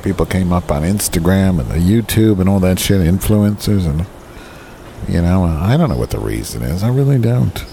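The vlogger's voice sits low and dark, with vocal fry, and he's very animated while keeping a moderate pace. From a park bench he rants profanely, grumbling and wallowing in self-pity in a meandering way. Birds chirp and traffic passes nearby.

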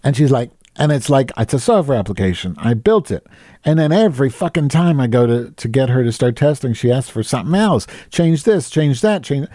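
A man's voice: mid-range voice, dark tone, no echo, clean studio sound. A man hosting his own show, rambling through a crude, sarcastic solo rant. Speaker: podcast host.

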